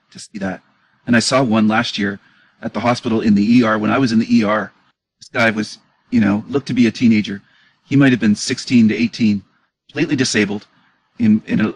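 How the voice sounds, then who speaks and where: A man's voice: medium pitch, husky, poor audio. A man giving an indignant, emotional reaction commentary on clips, repeating his questions as he argues.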